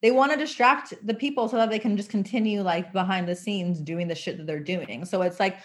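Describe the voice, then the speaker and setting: A woman's voice: medium pitch, brisk. A woman speaking frankly and with animation in a casual conversation, using "like" a lot. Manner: animated, frank, heavy use of "like".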